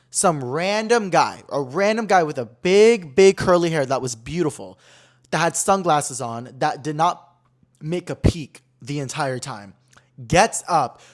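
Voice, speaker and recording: A young man hosting his own podcast, telling a story in a casual, dramatic way full of "like" fillers. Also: fairly high pitch. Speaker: podcast host.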